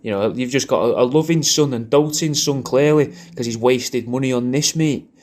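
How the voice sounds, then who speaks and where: This is a comedian's personalised video message: a rambling birthday greeting packed with crude jokes, repeated phrases, and silly quoted voices. His medium-pitched voice moves at a normal speed and sounds a little mellow.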